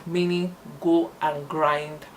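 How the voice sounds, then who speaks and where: Woman teaching Igbo letters, careful and clear. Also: low-pitched, little pitch movement, slight background noise. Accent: Nigerian Igbo. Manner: slow, careful spelling of letters, then quick example phrases. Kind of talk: alphabet lesson with spoken examples.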